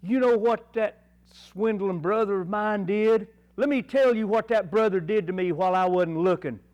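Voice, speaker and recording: A man's voice: high voice, sing-song, unhurried, exaggerated voice, rough recording. A man voicing an angry, wronged grown man, complaining indignantly. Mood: aggrieved.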